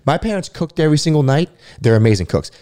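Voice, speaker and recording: A man's voice: on the high side, big pitch swings, fast, mellow. A man, a former pro football player, talking as a guest in a casual interview, reflective and emphatic, often repeating words as he restarts.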